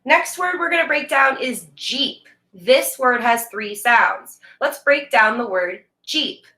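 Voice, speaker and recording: Bright-voiced woman teaching a reading lesson. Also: on the high side. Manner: slow, clear, encouraging teacher talk with drawn-out words. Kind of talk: recorded video lesson for young students. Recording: echoey room.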